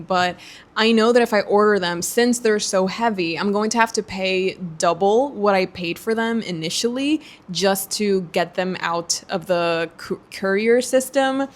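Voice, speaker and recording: A woman's voice: medium pitch, normal speed. A young woman vlogging casually to camera as she browses online, chatty and giggly, talking to herself. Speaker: book vlogger.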